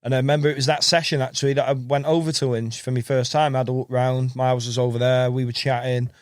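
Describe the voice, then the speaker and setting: As a podcast guest, a carp angler rambles quickly through fishing anecdotes in a flat, mid-range voice. He laughs a lot, repeats words, and says "mate" frequently. It's a dry, clean studio recording.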